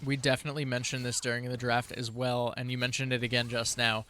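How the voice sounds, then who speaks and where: Bright, forceful male play-by-play caster, rapid running calls. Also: medium pitch, little pitch movement, a little hiss or hum. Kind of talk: live esports play-by-play.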